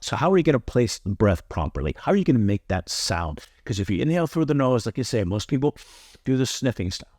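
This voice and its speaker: A man's voice: mid-range voice, very animated, fast, darkish tone, dry recording. Earnest male yoga teacher, dry close sound. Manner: earnest, emphatic, repeats key phrases. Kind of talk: instructional tutorial.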